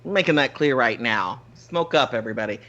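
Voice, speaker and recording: A podcast host telling a story in casual chat, animated, swearing freely and laughing often. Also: male voice, medium pitch, brisk, lo-fi sound.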